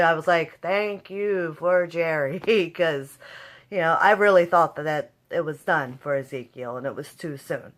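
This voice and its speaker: Young woman doing a casual tv episode review, kinda low voice, gets really emotive acting out her reactions. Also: a bit bright. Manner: emotive, acts out her own reactions with rising voice.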